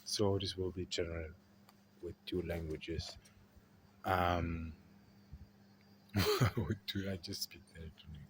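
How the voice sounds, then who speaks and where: A man with a German accent, talking through a rambling podcast monologue and swinging between loud emphasis and quiet asides. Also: deep voice, steady tone, takes it slowly, pauses often, a little hiss or hum. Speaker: podcast host. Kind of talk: casual monologue.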